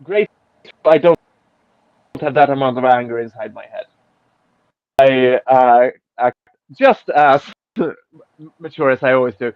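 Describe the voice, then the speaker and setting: A man's voice: medium pitch, animated, moderate pace, long pauses, no echo. A man hosting a casual podcast chat, mocking and swearing as he reads out an online argument. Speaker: podcast host. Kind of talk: casual chat, reading out tweets. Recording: dull lo-fi, dry.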